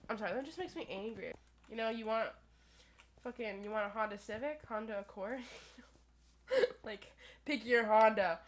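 A young woman giving gameplay commentary at her computer, full of crude, profane, playful trash talk and quick rants. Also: mid-range voice. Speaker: gaming YouTuber. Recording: noisy recording with keyboard clicks.

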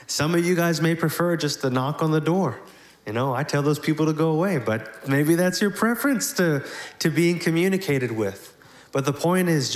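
A man pastoring a congregation, speaking earnestly and leading a prayer. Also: fairly high pitch. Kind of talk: sermon and prayer. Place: church hall. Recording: echoey church hall.

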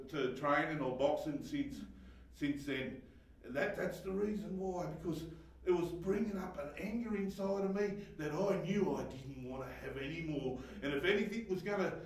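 A pastor gives a heartfelt sermon testimony, his voice running high as he swings from loud outbursts to near-whispers. He is heard from across a very echoey church hall. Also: distant mic. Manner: emotional, swings from shouting to hushed, laughs often.

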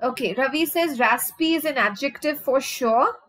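Her high, slightly bright voice comes through poor audio as she teaches exam-prep vocabulary online. This Indian-accented woman blends Hindi with English, keeps prompting students for answers, and uses drawn-out fillers as she thinks.

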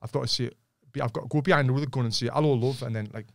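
A man's voice: medium pitch, steady tone, racing, vocal fry, no echo, studio quality. A man, a former boxer, telling stories as a podcast guest in casual chat, swearing freely and acting out the lines of the people in his stories. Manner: swears freely, retells dialogue with gusto.

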